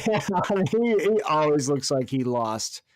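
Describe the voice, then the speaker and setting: A man's voice: fairly high pitch, sing-song, unhurried, no echo. A man co-hosting a casual sports podcast, jokey and laughing often, with some swearing. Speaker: podcast co-host.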